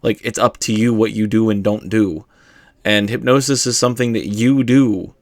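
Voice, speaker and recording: A man's voice: on the low side, steady tone, normal speed, no echo, clean studio sound. A man giving a casual, rambling explanatory monologue as host, full of fillers and the odd swear word.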